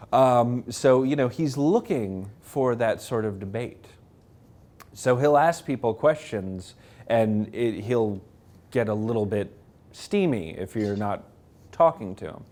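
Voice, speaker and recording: A man, an author, telling lively self-mocking stories to an audience at a library talk, acting out the people he quotes. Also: lowish voice. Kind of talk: anecdotal storytelling to a live audience. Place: public library event room.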